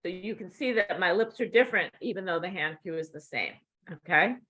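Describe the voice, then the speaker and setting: A middle-aged woman demonstrates cued speech, teaching slowly and patiently while checking in with the learner with frequent "okay?"s. Her voice is lowish, animated, and sharp in tone.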